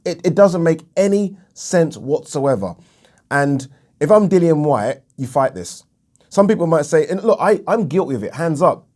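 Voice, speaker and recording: A man's voice: a little high, animated, moderate pace, a little mellow. Indignant man ranting about boxing. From England. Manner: indignant, repetitive, emphatic, swears. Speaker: boxing commentator. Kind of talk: opinion vlog rant.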